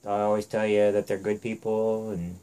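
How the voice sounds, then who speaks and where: A man's voice: fairly low pitch, little pitch movement, brisk, mellow, clean tone, low-quality recording. A father talking earnestly with his young daughter at home, firm and lecturing, often checking in with "okay?".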